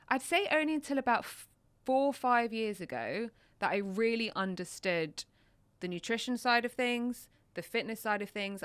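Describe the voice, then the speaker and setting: A woman's voice: mid-range voice, a bit bright, clean tone, no echo. A woman from England, a personal trainer co-hosting a podcast, chatting in a teasing way and laughing easily. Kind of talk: casual chat.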